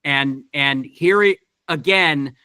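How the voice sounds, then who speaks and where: A man's voice: fairly high pitch, slow, pushed and bright, clean tone, dry recording. A man directing actors in a verse workshop over a video call, thinking aloud with many restarts. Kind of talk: teaching talk on Shakespeare verse.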